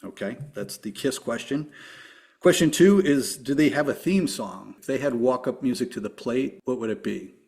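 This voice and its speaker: A man hosting a podcast interview, upbeat and friendly as he asks his guest quick questions. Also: medium pitch, expressive, gravelly, darkish tone, breathy edge. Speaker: podcast host. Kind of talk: casual interview.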